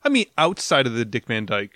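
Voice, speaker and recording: A man's voice: medium pitch, wildly swooping pitch, brisk, sharp tone, dry recording. A man co-hosting a comedy podcast, trading dry, sarcastic quips in casual chat. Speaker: podcast co-host.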